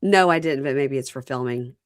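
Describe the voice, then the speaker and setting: A woman's voice: rumbling low, a little fast, no echo, clean studio sound. A woman hosting a podcast, recapping a reality show in casual chat and acting out the people she quotes. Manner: animated retelling with quoted voices. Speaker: podcast host.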